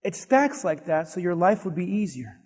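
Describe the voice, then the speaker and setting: A male pastor preaching in a church with a very high, light voice. His delivery is animated and climbs to shouted peaks, and long hall reverb trails every phrase. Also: moderate pace, breathy edge. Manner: animated, rising to shouts at points. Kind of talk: sermon.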